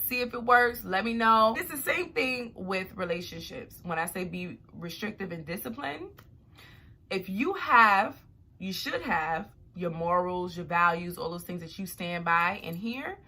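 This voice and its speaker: A young adult woman vlogger talking casually to her viewers, chatty and animated. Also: mid-range voice, breathy edge. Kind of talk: casual talk to camera.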